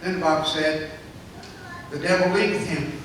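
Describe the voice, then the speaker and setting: High, bright-voiced preacher in echoey church. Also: male voice, steady tone, measured pace, slight background noise. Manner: preaching with swelling, shouted climaxes. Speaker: pastor. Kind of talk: sermon. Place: church sanctuary. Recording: echoey church hall, mic far off.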